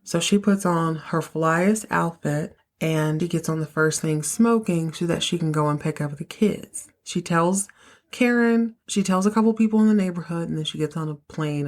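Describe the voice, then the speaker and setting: Female podcast host, lower register, chatty slangy recapper with strong opinions. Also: normal speed. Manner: animated, opinionated, slangy storyteller. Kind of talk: casual episode recap.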